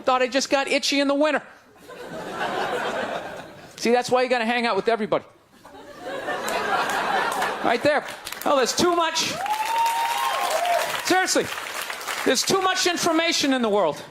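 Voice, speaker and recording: A male stand-up comic rants at a crowd, his voice pitched very high as he fires off incredulous questions. He often shouts his punchlines. Crowd laughter and steady room noise fill the live recording. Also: normal speed, long pauses. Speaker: stand-up comedian. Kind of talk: stand-up routine.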